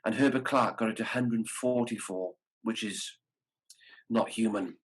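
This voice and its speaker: A man's voice: fairly low pitch, measured pace, husky, poor audio. A man teaching a brass masterclass over a video call, explaining tonguing patiently and sounding out practice syllables. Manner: demonstrates articulation syllables aloud. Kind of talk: masterclass instruction.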